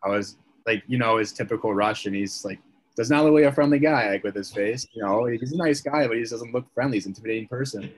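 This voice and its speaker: A man's voice: medium pitch, quick pace. A young man, a podcast guest, telling a story in casual chat, leaning on "like" as a filler. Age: young adult. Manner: chatty, filler-heavy, leans on "like".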